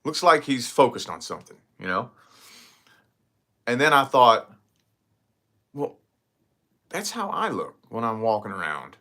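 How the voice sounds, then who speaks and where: This vlogger's mid-range voice moves a little slowly, broken up by long pauses. Addressing the camera casually, he rambles through his stories with animated, profane storytelling.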